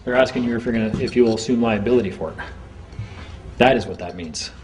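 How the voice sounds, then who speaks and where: A man giving an informal seminar talk to a small group, chatty, acting out courtroom exchanges in quick quoted voices. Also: mid-range voice, a little mellow, slight background noise, low-quality recording. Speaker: seminar speaker.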